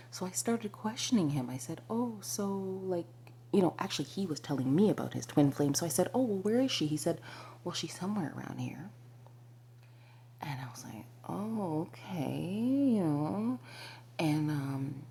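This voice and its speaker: Woman vlogger, low mellow voice, confiding story, half-whispered, faint hum behind. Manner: confiding, often drops to a breathy whisper; frequent fillers and asides to the listener. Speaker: spiritual vlogger. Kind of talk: personal storytelling to camera.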